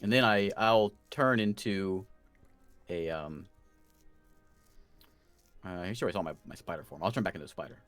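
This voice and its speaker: A man's voice: low-pitched, normal speed, pauses often, a bit bright, soft background music. A man playing a tabletop game, describing his character's actions with hesitant restarts. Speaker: player.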